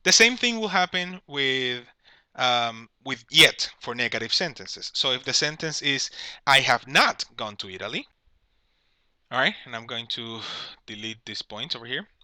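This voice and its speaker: A man's voice: medium pitch, lively intonation, a little slow, pushed and bright, no room sound. A man teaching an English grammar lesson, explaining patiently, checking in with "all right?" and correcting himself as he goes. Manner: corrects himself mid-sentence.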